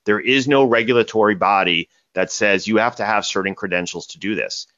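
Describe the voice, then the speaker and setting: A man's voice: lowish voice, fairly quick, pushed and bright, dry recording. A man as a podcast guest, telling stories animatedly and tagging points with "right?". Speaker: cybersecurity company guest. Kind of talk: podcast interview answers. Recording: dull lo-fi dry audio.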